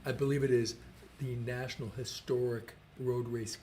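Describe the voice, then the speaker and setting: A man's voice: mid-range voice, little pitch movement, moderate pace, a little mellow, a little hiss or hum. A man co-hosting a race stream, chatting casually and ad-libbing sponsor thank-yous in a loose, joking way. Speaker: stream co-host.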